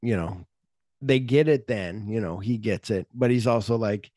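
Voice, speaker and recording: A man chats through a movie on a podcast, tone dark and mellow. He keeps acting out characters' lines in quick, offhand impressions. The sound is dry and close, with no room echo. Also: on the low side. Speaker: podcast host. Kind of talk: casual movie discussion podcast.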